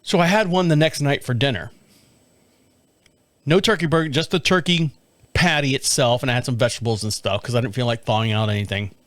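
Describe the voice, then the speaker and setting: A middle-aged man telling a story casually on his podcast, animated and laughing often, with some swearing. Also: medium pitch, a little fast, no echo. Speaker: podcast host. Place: home studio.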